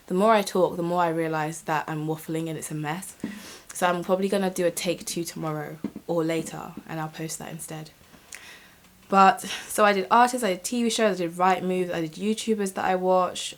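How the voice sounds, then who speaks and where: A young woman, chatting casually to camera in a rambling, swearing vlog. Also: fairly low pitch. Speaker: vlogger.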